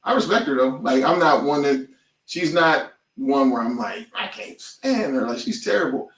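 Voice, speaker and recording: A man co-hosting a podcast in casual chat, animated and prone to loud outbursts and impressions. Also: mid-range voice, normal speed, echoey room, distant mic. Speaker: podcast co-host.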